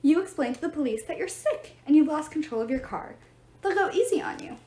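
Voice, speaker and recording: A theatrical young god, cast out among mortals, begging loudly and swooping up high as he pleads, as a woman reader puts him on. The voice bounces around a roomy, echoey space. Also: animated, fairly quick. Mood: urgent. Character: dramatic young male god stuck as a mortal. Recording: roomy echo.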